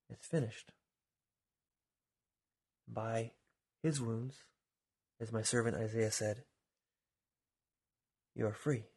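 A man preaching a sermon with a husky voice, dropping to quiet lines and then rising to loud, dramatic calls. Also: medium pitch. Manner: dramatic, swings from hushed to shouting.

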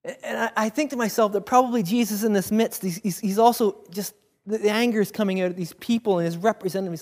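A man's voice: high-pitched, quick pace. Man preaching in a reverberant hall. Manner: animated, acts out voices of biblical figures. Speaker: pastor. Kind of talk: sermon.

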